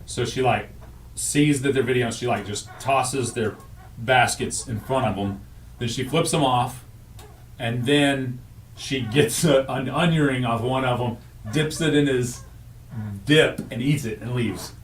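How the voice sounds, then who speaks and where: A man's voice: medium pitch, measured pace, echoey room, far from the mic, a little hiss or hum. A man co-hosting a radio show, chatting casually, rambling and correcting himself as he goes. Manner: rambling, self-correcting, laughs at own jokes. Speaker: radio co-host. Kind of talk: casual morning radio banter.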